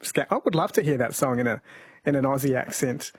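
A man's voice: mid-range voice, lively intonation, brisk, slightly rough. A man hosting a radio talk show, chatting and reading out listener texts. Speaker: radio host. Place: radio studio.

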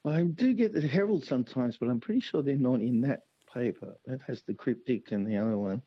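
A man's voice: medium pitch, animated, brisk, breathy edge. A man calling in to a radio quiz, thinking aloud as he rambles toward an answer. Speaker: caller. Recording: dull phone-in line.

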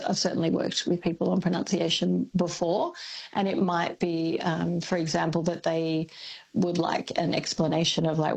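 An Australian woman speaking as a linguist on a radio talk show, thoughtful and hesitant with many pauses and ums. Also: on the low side, vocal fry, darkish tone, slightly rough. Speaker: linguist guest. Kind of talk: radio interview.

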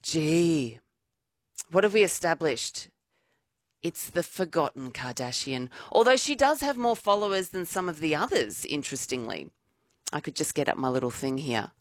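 An Australian woman runs a radio quiz with a bouncy, lively voice that swings up and down. She chats and giggles easily. The sound is close and dry, as from a studio mic. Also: lowish voice, no room sound. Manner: chatty, giggly, playful. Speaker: radio host. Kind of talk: live radio quiz chat. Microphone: studio microphone.

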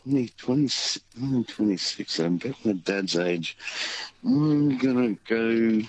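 Easygoing Australian man, halting. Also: mid-range voice, expressive, a little mellow, slight background noise, poor audio. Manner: easygoing, halting, lots of ums. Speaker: caller and station volunteer. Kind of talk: talkback radio chat.

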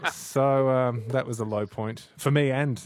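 A man's voice: medium pitch, a little mellow, no echo. Chatty Australian man, dry studio sound. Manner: chatty and laughs often. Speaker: radio quiz host. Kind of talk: casual radio chat with callers. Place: radio studio.

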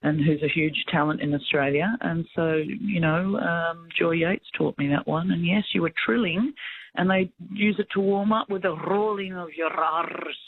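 A woman's voice: lowish voice, moderate pace. A woman calling in to a radio show, chatting in a rambling way. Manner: chatty, rambling name-dropping. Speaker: caller. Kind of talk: phone-in radio chat. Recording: tinny phone line with faint hiss.

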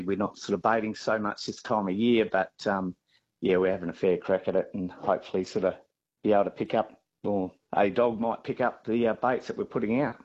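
Halting Australian farmer on a dull line. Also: male voice, on the low side, darkish tone. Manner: halting, with many fillers and restarts. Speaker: farmer interviewee.

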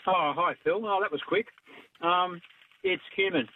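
A man calling in to a radio quiz, cheerful and quick to laugh. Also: high voice, phone-quality sound. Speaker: caller.

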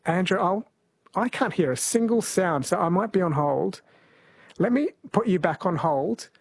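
A man's voice: high-pitched, animated, normal speed, breathy edge, dry recording. A man hosting a talkback radio quiz, friendly and easygoing with callers.

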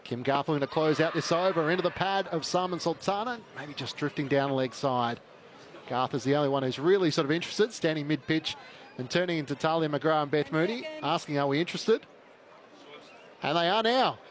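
A man giving steady, informative ball-by-ball cricket commentary. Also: a little high, brisk.

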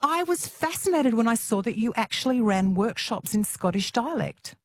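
A woman's voice: fairly high pitch, expressive, moderate pace, no echo. A woman hosting a talk radio show, chatty and playfully teasing. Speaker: radio host.

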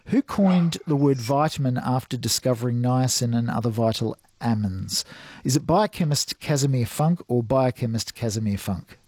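Playful Australian radio host, husky. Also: male voice, medium pitch, expressive, moderate pace, darkish tone, no room sound, clean studio sound. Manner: playful, teasing. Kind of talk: radio quiz and chat.

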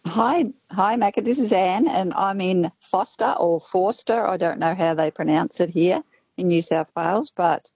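A woman's voice: fairly low pitch, moderate pace, breathy edge, no echo. Chatty woman calling in over a dull line. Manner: chatty, animated storyteller. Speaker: caller. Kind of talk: phone-in storytelling.

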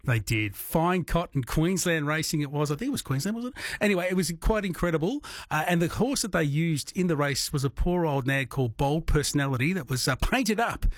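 An Australian man hosts a late-night radio quiz in a chatty, animated way. His voice sits a little high. The studio sound is dry and close. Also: fairly quick, few pauses, dry recording. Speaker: radio host. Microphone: studio microphone.

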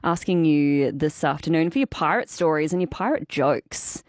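A woman's voice: low-pitched, moderate pace, no echo, clean studio sound. A woman hosting an afternoon radio show, chatting and laughing with callers in a bubbly manner. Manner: bubbly, giggly, animated. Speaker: radio presenter. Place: radio studio.

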